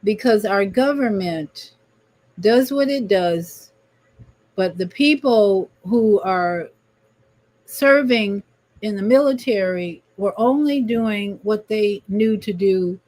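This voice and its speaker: A woman's voice: mid-range voice, slow pace, a little mellow. Preachy woman hosting a livestream talk. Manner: preachy, emphatic, repeats words. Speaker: livestream host. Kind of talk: spiritual talk show monologue.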